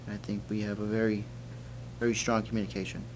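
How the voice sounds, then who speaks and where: A man's voice: lowish voice, monotone, fast talker, noisy background. A man giving a mockumentary talking-head interview in an office, rambling and self-assured with lots of fillers. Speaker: office team member.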